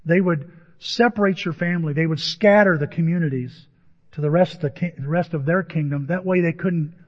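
A man preaching a sermon as a pastor, telling stories with lively acted-out voices and crowd noises. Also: fairly high pitch, brisk. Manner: animated storytelling, acts out voices and crowd noises. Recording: dull lo-fi audio with long hall reverb.

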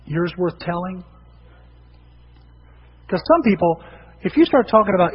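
A middle-aged man preaching in a high, easy storytelling voice, slipping into the voices of people he quotes. He sounds like he is in a large church, with a long reverb tail. The recording is dull and muffled, with a faint hiss underneath. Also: animated, a little slow, long pauses. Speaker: pastor. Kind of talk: sermon. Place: church sanctuary.

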